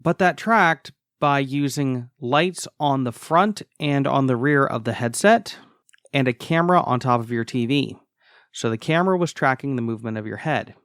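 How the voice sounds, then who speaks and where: A man's voice: mid-range voice, moderate pace, fairly bright tone, dry recording, studio quality. A man presenting a podcast segment, casually explaining how tech systems work. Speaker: segment contributor.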